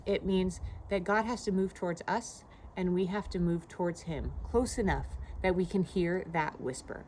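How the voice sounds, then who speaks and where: In this devotional video, a thirties-aged woman pastor speaks in a conversational way, sharing personal stories peppered with "you know." She sounds low and a little mellow, and there's a bit of background noise.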